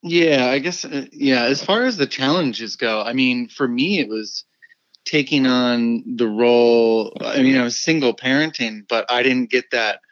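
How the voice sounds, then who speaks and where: A man's voice: mid-range voice, a little slow, a bit bright, no echo. A man, a husband and father, chatting in an easygoing, rambling way as a podcast guest. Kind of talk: casual podcast chat. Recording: slightly dull dry podcast audio.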